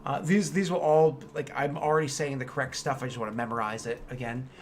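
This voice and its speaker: A man running a tabletop game as game master, explaining rules and then narrating combat with excited energy. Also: mid-range voice, brisk, slight background noise.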